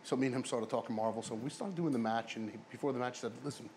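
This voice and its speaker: A man's voice: medium pitch, rapid-fire, a little mellow, slight background noise. A man, a former pro wrestler, telling rambling, profane stories in a casual interview and putting on other people's voices.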